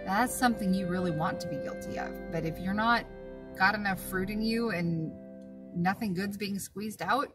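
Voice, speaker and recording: A woman vlogger at an outdoor campsite, giving an earnest, emotional devotional talk with halting pauses and fillers. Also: mid-range voice, recorded from a distance.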